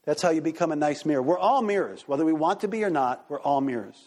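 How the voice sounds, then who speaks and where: A man pastor teaching a church group and taking questions, animated and acting out quoted voices. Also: on the high side, fast talker. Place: church hall. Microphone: handheld microphone. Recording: reverberant hall.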